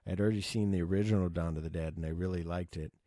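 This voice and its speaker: A man with a very low, dark and mellow voice talks casually about movies, rambling with plenty of fillers and the odd curse. The recording is dry and close, with no room sound. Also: steady tone, racing, no echo. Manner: rambling, sweary, enthusiastic, with many fillers. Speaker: movie podcast host.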